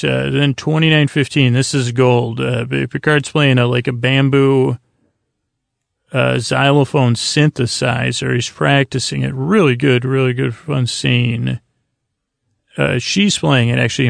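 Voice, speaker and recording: Male podcast host, very gravelly, rambling casual recap, dry close sound. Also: mid-range voice, no echo. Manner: rambling, halting, heavy on fillers.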